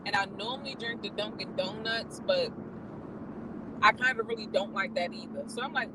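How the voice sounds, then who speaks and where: A vlogger chatting casually while driving, bursting into excited exclamations. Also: mid-range voice, normal speed. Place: car on the road. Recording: loud road noise from driving.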